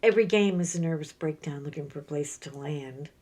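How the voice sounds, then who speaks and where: A middle-aged woman, chatting casually about her day while she works on crafts, telling lively stories and acting out what people said. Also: deep voice, fairly quick. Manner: chatty storyteller, animated, acts out quoted voices. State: sore from a workout. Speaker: crafting vlogger.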